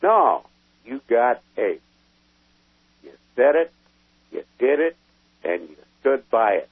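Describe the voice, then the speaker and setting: A man calling into a radio show as a military veteran, talking in a gruff, folksy, emphatic way, with a husky voice. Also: on the low side, dry recording. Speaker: call-in caller, military veteran. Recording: tinny dry phone line.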